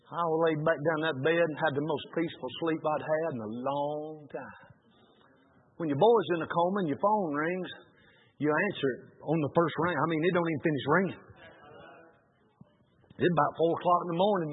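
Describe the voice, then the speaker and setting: A man preaching a sermon, telling a personal story in a folksy way that swings from hushed to shouting. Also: a little high, slightly rough. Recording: tinny phone-like sound.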